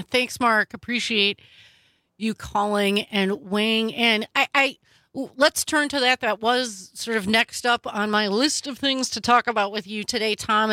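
A woman hosting political talk radio, sarcastic and animated, with quick asides. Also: mid-range voice, no room sound. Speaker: radio talk show host.

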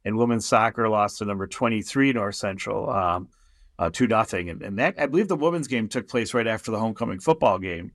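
A man hosting a casual radio sports show, chatty and quick to laugh at his own slips. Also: on the low side, lively intonation, a bit bright, no room sound, studio quality.

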